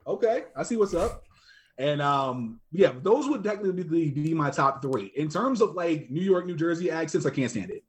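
A man's voice: on the high side, expressive, moderate pace, few pauses. Chatty easygoing male podcast guest. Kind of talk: casual podcast chat.

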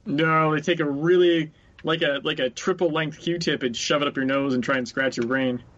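A man with a somewhat high voice talks bluntly in casual podcast chat, swearing and laughing easily. He sounds a bit sick, with a swollen throat. The recording is dull and lo-fi. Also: fairly even intonation, normal speed, a bit bright. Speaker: podcast co-host.

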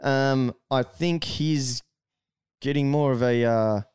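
A man with a smooth, clear voice hosts a relaxed podcast conversation. He talks loosely and informally, leaning on "like" and dropping casual swears. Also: mid-range voice, takes it slowly, no room sound, studio quality.

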